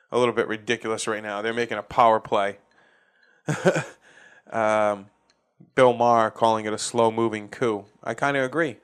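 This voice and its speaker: A man from Massachusetts riffs through his own comedy podcast, swearing freely and cracking himself up as he goes. His voice is clean and resonant, sitting at an ordinary middle pitch. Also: smooth. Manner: profane, ranting, laughs at own jokes. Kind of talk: casual comedic rant. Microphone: facing a camera.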